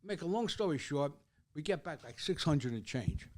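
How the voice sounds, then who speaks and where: Older New guy, talk-show guest; lively, profane, rambling anecdote, repeats himself, voice sits a little high. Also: moderate pace. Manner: animated, profane, repeats words as he tells it. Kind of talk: rambling storytelling in casual chat.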